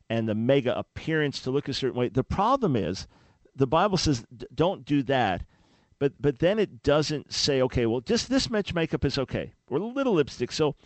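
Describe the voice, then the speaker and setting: An earnest man hosting a call-in radio show, preacherly and emphatic, often restarting his words. His voice sits at an ordinary pitch. It is recorded dry and close in the studio. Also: a little mellow, no echo. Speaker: radio talk show host.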